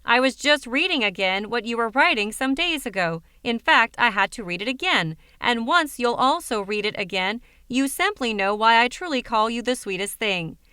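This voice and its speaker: A lovestruck foreign man pours out a clumsy, overly intimate letter, read by a woman narrator. The voice is bright and crisp. It sits fairly high for the role. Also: lively intonation, moderate pace, hardly any pauses, no echo, studio quality. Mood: amorous.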